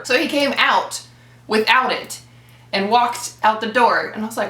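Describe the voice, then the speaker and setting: A young woman telling a story casually, animated and swearing freely as she acts out what people said. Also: a little high, moderate pace. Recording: echoey room, from a distance.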